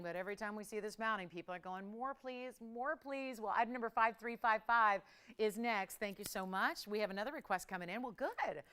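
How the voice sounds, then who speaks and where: A woman hosting a live TV jewelry shopping show. She gives an upbeat, chatty sales pitch and keeps it moving. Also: a bit bright, clear, resonant tone. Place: TV studio.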